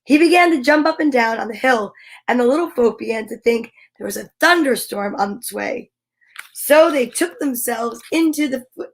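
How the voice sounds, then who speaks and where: A woman hosting a children's storytime, reading a storybook aloud playfully and animatedly, with chatty asides. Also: fairly high pitch. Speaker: storytime host.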